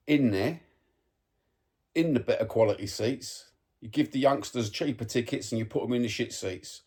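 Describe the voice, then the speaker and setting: Blunt, sweary man in his own voice, heated fan ranting about a match, mid-pitched. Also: normal speed, darkish tone, slightly rough. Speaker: football fan vlogger.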